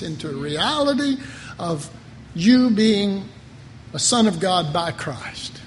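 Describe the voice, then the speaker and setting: A middle-aged man preaching a sermon in a rambling, conversational way, often repeating his words. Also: high voice. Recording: reverberant hall, faint ambient noise.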